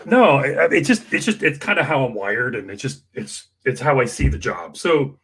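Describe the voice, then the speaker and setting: Animated husky man telling a story. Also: medium pitch, moderate pace. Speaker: campaign worker guest. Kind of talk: storytelling anecdote.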